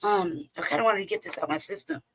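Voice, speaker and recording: A woman hosting a livestream in a casual, rambling way, hoarse from losing her voice and often pausing to search for words. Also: medium pitch, rough recording. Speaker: host. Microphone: home streaming setup.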